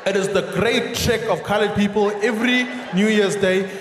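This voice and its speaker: A South African man doing live stand-up comedy on a large theatre stage, animated and shouting his punchlines. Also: high-pitched, normal speed, background noise. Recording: echoey theatre hall with audience laughter.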